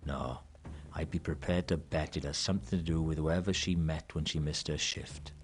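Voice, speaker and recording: A man's voice: rumbling low, fairly even intonation, normal speed. An actor playing a weary, sardonic male detective in a noir video game, speaking dryly. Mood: probing. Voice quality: dry, sardonic delivery. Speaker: game character.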